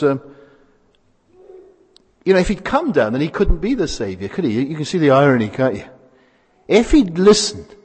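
A man's voice: medium pitch, darkish tone, husky. A man preaching a sermon, asking rhetorical tag questions and repeating phrases for emphasis. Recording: hall with long reverb.

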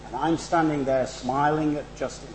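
A man's voice: fairly high pitch, normal speed, noisy background. A middle-aged man with a northern English accent preaching a sermon in church, conversational and humorous, building to emphatic rhetorical runs. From northern England. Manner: animated, rising to emphatic rhetorical build-ups; conversational, with asides and humour.

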